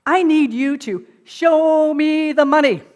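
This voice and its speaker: A woman voicing a brash male pro football player, loud and insistent as he demands money. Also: high-pitched, lively intonation, normal speed, long reverb tail, pitched above the performer's own voice. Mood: demanding.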